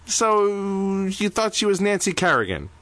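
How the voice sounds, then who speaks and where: A man co-hosting a podcast in casual chat, teasing and quick-witted, often laughing. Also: sits high, big pitch swings, a bit bright. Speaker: podcast co-host.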